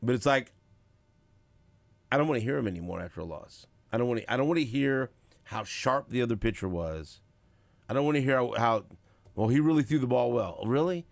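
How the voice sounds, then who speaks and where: A man hosting sports talk radio in a studio, chatting casually and acting out conversations. His voice leaps around in pitch and has a gravelly edge. The studio sound is close and dry. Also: fairly quick, pauses often, no echo. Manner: animated, swings loud and quiet, acts out quotes. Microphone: studio microphone.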